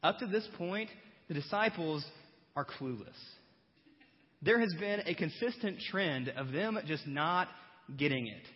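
A man preaching a Bible teaching sermon, conversational and animated, full of rhetorical questions and humor. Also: a little high, a little slow. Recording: dull recording with long hall reverb.

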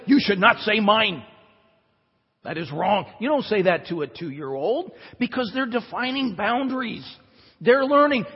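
Man, pastor, sermon, husky voice, dull recording, long church reverb. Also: high-pitched. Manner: conversational preaching with emphatic repetition. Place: church sanctuary.

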